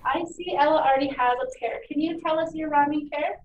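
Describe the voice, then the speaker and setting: A woman teacher giving a phonics lesson to children, encouraging and enunciating each sound clearly. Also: high-pitched, steady tone, a little fast, muffled recording. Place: meeting room. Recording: echoey room, distant mic, faint noise.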